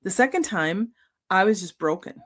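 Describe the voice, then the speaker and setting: A middle-aged woman, an author guest, telling a personal story in an earnest, halting, emotional way. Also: mid-range voice, lively intonation, a bit bright.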